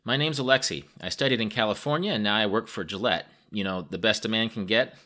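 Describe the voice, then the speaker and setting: A man's voice: fairly low pitch, fast, pushed and bright. Man doing a cocky young businessman. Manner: cocky, teasing, scoffing. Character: young, confident Russian businessman, dismissive.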